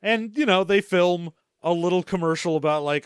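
A man with a slightly high voice jokes his way through a film recap in a casual chat, wry and easygoing. His voice sounds dry and close. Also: steady tone, moderate pace, hardly any pauses, clean tone, dry recording. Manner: wry, joking, laughs along. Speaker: podcast co-host. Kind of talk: casual movie-review chat.

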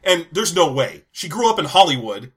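A man's voice: a little high, sing-song, normal speed, fairly bright tone, husky. A man co-hosting a casual podcast about a movie, joking and laughing often. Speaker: podcast co-host.

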